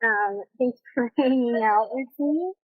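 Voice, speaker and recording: A woman's voice: fairly high pitch, measured pace, no echo, narrow, tinny audio. A woman hosting a solo podcast, talking in a chatty, upbeat, encouraging way close to the mic. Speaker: podcast host. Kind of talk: casual solo podcast talk. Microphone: close mic, recorded on video.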